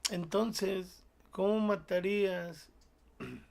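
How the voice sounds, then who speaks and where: A man chats loosely on a podcast, joking and hopping between two languages. His voice is heavily gravelly and sits a little high for a man. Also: takes it slowly, a little mellow. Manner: joking, switching between Spanish and English. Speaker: podcast co-host. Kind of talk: casual chat.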